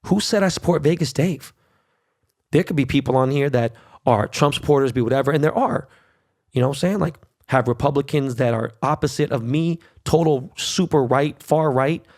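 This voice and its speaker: Brash middle-aged male podcast host, gravelly, foul-mouthed solo rant. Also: medium pitch, moderate pace, darkish tone. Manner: brash, profane, ranting.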